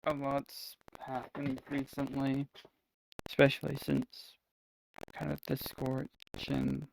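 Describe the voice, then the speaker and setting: Soft-spoken, hesitant role-play player, man; slow, flat delivery. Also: medium pitch, vocal fry, a little hiss or hum, rough recording. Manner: quiet, subdued and hesitant. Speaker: fellow player. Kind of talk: in-game role-play chat.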